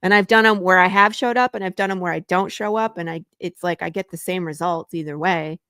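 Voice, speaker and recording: A woman hosting a podcast in casual chat, talkative and quick to laugh. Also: fairly low pitch, steady tone, fairly bright tone, smooth, dry recording, studio quality. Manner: chatty, laughs often. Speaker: podcast host.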